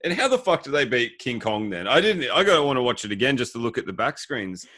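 A man co-hosting a podcast, chatting casually about a movie, relaxed and amused. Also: mid-range voice, quick pace. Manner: laughs often, relaxed and amused. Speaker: podcast co-host.

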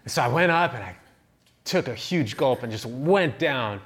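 A middle-aged pastor preaching, telling a self-deprecating personal story in an animated way. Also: male voice, medium pitch, moderate pace.

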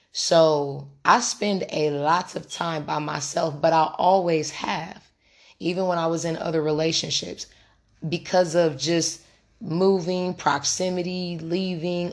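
A woman in her late twenties with a deep, hoarse voice, hosting a casual spiritual podcast, candid and profane as she speaks straight to listeners. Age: late 20s. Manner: candid, profane, conversational, addresses listeners directly. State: hoarse, recovering from lost voice. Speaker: podcast host and tarot reader.

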